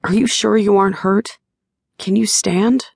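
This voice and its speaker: A woman's voice: mid-range voice, fairly even intonation, a little slow, creaky, a little mellow, breathy edge, dry recording, studio quality, voice pushed up. A woman reading the part of a young man, a worried and teasing sparring partner, in an audiobook. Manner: caring, teasing.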